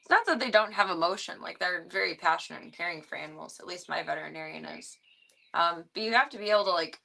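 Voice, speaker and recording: A young woman streams from home, chatting casually with viewers about her pets, giggly and talkative. Her voice is bright and forceful with vocal fry, and she switches to a high sing-song baby voice when talking to her cats. Bird sounds and fan noise run in the background.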